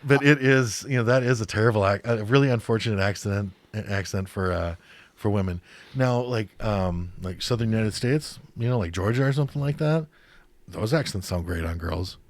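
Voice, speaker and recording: A man's voice: lowish voice, normal speed, dry recording. A man co-hosting a podcast in casual chat, rambling with many fillers and frequent swearing. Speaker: podcast co-host.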